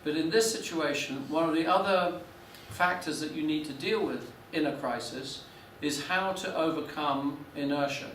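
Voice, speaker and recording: A man in his 40s tells his class a story in a slightly raised voice, halting and restarting often with many fillers. His pitch is fairly high and his tone fairly bright. The echoey room and distant mic leave him sounding set back, with a faint hum underneath.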